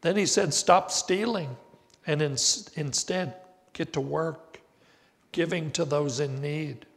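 Older male pastor, unhurried emphatic sermon delivery, voice sits a bit high, long church-hall reverb. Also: creaky, fairly bright tone. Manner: slow, deliberate preaching with emphatic rises. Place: church sanctuary.

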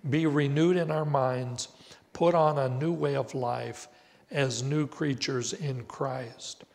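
An older man preaching a sermon as pastor, slow and deliberate with emphatic rises on key words. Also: mid-range voice, fairly even intonation, gravelly, darkish tone. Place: church sanctuary. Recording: reverberant church hall.

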